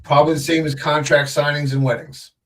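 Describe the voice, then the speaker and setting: A man's voice: a little high, little pitch movement, fairly quick, fairly bright tone, distant mic. Rambling man, a bit off-mic. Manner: rambling, lots of fillers and restarts; jokey, slips into wrestler impressions. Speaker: guest wrestler. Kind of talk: casual podcast chat.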